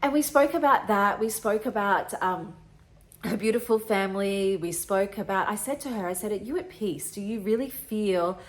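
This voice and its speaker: A woman's voice: mid-range voice, moderate pace. Earnest woman telling a heartfelt story. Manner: emotional, earnest, repeats herself often. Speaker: podcast host.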